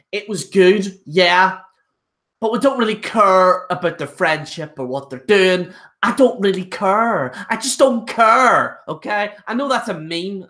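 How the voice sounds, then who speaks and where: A man's voice: high-pitched, pushed and bright. Blunt, rambling young male reviewer. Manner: blunt, ranting, rambling with many restarts. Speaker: wrestling show reviewer. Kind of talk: casual live-stream rant.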